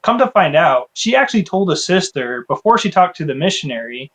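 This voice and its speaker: Man, casual storyteller, slightly high voice, animated and expressive when voicing his own past thoughts. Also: a little fast. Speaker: guest telling his story.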